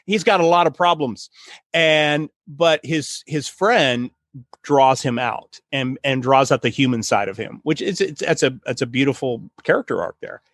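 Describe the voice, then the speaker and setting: A middle-aged man hosting a casual chat on writing, telling stories in an animated way with laughs and many restarts. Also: medium pitch, normal speed, dry recording, clean studio sound. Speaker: podcast host, writing coach.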